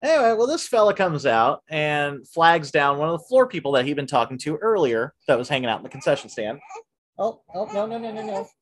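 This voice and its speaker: A man hosting a podcast, casually telling stories about his work at a movie theater in an animated way, often laughing as he goes. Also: a little high, a little fast, hardly any pauses. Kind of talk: casual storytelling chat.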